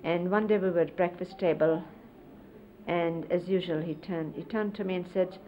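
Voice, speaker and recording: A woman's voice: fairly low pitch, fairly even intonation. Middle-aged woman reminiscing on lo-fi videotape. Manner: conversational, unhurried, often quotes others. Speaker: interviewee recalling life with a spiritual teacher. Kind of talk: casual reminiscing, explaining hand gestures. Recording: lo-fi 1970s videotape, faint hiss.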